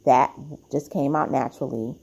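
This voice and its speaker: A woman's voice: extremely low pitch, fairly even intonation, moderate pace, creaky, a little mellow, slightly rough. A woman hosting her own podcast, giving blunt, chatty opinions full of "like" fillers, sounding tired. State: tired, yawning. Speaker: podcast host. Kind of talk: casual opinion commentary.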